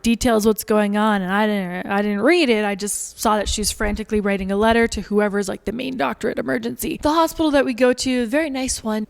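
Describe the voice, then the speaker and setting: A woman's voice: on the high side, long reverb tail. A woman vlogger telling a personal story in a chatty, joking way, full of "like"s. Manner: animated, jokey, chatty with many "like"s. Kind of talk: casual storytelling.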